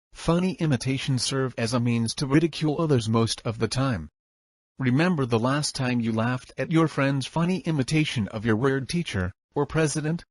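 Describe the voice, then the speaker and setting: Male audiobook narrator, mid-pitched voice, steady instructive delivery, dry close-mic sound. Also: no room sound. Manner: even, instructive reading.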